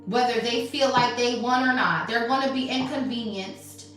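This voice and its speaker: A woman's voice: on the high side, fairly even intonation, normal speed, fairly bright tone, recorded from a distance. A woman giving a spiritual tarot reading, blunt, sassy and emphatic, often swearing. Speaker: tarot reader. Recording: very echoey room, off mic, faint music.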